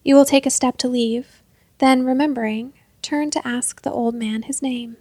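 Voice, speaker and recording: A woman narrates a story softly and unhurriedly, often slipping into a half-whisper. Her voice is fairly high with a gravelly fry, and the recording is close and dry. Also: fairly even intonation, normal speed, no echo.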